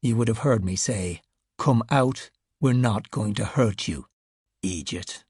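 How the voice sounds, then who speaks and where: A woman voicing a male skeleton detective with a dry, unhurried, faintly annoyed manner. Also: rumbling low, darkish tone, husky, dry recording, voice pushed down, exaggerated voice.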